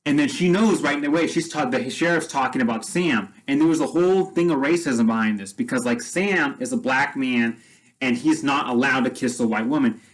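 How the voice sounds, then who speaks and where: A man's voice: mid-range voice, normal speed, poor audio. A man casually retelling a story, rambling, with lots of fillers and repeated phrases.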